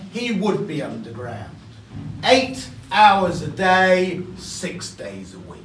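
A man guiding visitors through an underground mine, telling its history with lively emphasis. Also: high-pitched, slight background noise. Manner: lively storytelling, stressing words. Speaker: mine tour guide. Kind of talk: guided tour talk. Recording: echoey mine tunnel, from far off.

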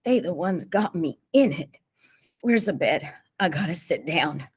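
A woman voicing a frightened, injured teenage boy who pleads and stammers in gasping, halting whispers. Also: on the low side, lively intonation, husky. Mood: pained.

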